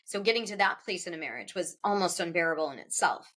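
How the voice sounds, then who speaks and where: A middle-aged woman, an author being interviewed, recounting a personal loss in a halting, emotional way, with restarts and pauses and her voice rising at the hardest moments. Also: on the low side, animated, fairly bright tone. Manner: halting, with restarts and pauses; voice rises when recalling distress.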